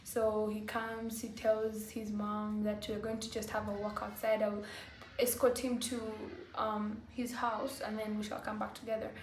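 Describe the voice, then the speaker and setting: A woman vlogger telling a personal story to camera, halting and full of fillers like "like" and "you know". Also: mid-range voice, completely flat delivery. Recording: roomy echo, faint background hiss.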